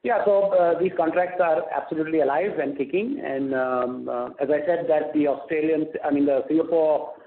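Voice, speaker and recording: A man with an Indian English accent and a slightly high voice answers analysts as a company executive on an earnings call. He stumbles along with many fillers and false starts, and the phone line sounds thin and tinny.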